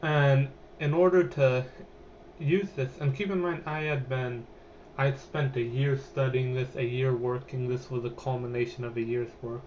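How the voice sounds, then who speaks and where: A man's voice: medium pitch, fairly even intonation, moderate pace, a little mellow, muffled recording, a little hiss or hum. Young man telling a story, chatty. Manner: chatty, rambling, frequent fillers. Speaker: podcast host. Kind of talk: casual personal storytelling.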